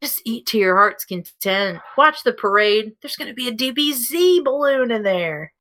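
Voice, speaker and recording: A woman's voice: fairly high pitch, animated, moderate pace, sharp tone. A woman co-hosting a podcast, chatting casually in a blunt, rambling way and swearing freely. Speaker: podcast co-host. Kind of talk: casual chat.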